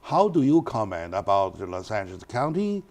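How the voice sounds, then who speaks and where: Guy hosting a talk show, lowish voice, kinda halting, restarts a lot. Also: very animated, a little mellow. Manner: halting, non-native phrasing with restarts. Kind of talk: studio talk show discussion.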